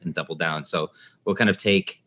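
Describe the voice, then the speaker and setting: A man's voice: low voice, steady tone, normal speed, bright, forceful tone. A man hosting a podcast in casual chat, thinking aloud and jumping between points. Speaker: podcast host.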